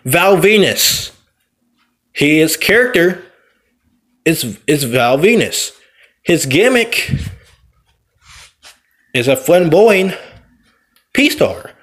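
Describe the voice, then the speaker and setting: Rambling higher-voiced man vlogging. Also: sing-song, drawn-out words, long pauses, a bit bright. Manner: rambling, backtracks and corrects himself. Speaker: wrestler and vlogger. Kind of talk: casual opinion vlog over gameplay.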